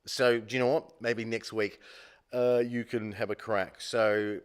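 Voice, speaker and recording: A man's voice: lowish voice, little pitch movement, a little slow, clear, resonant tone. A man hosting a live-streamed quiz, rambling and joking at his own expense, with many fillers. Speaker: quiz show host.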